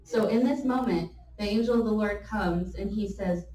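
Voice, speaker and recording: A woman giving a conversational sermon, telling the story in a lively way with laughing asides. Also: mid-range voice, normal speed, slight background noise. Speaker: church speaker. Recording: echoey room, mic at a distance.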